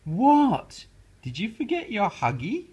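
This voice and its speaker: A man's voice: sits high, huge pitch swings, slow, darkish tone, breathy edge, voice pushed up, exaggerated voice. A man voicing a patient mother frog in a storybook read-aloud, calling out fond and firm.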